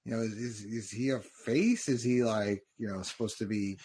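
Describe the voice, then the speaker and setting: A man's voice: fairly low pitch, fairly even intonation, normal speed, darkish tone, husky. A man giving casual, jokey commentary while watching a film with a friend. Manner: chatty, jokey asides and reactions.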